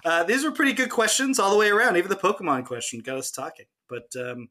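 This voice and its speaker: Bright-voiced joking podcast host, man. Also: sits high, expressive. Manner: joking, quick asides and laughs. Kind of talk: casual chat.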